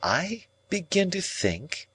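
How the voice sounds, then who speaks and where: A proud young woman, as a male audiobook narrator plays her answers in a calm, cutting voice, lifted somewhat above his own. She speaks slowly and evenly reasoned. The storybook reading sounds close and dry. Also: sits high, slightly rough, dry recording, voice pushed up, full character voice. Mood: musing. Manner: measured, coolly reasoning.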